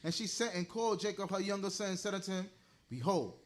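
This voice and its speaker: A man reads scripture aloud at a steady, formal pace. His voice sits high for a man. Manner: measured, formal reading. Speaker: scripture reader.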